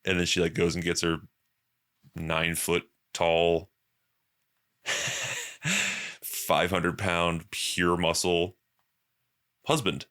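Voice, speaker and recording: A man's voice: low-pitched, extremely slow, long pauses, bright, forceful tone. A young man hosting a podcast, chatting casually and profanely and acting out quoted voices. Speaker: podcast host.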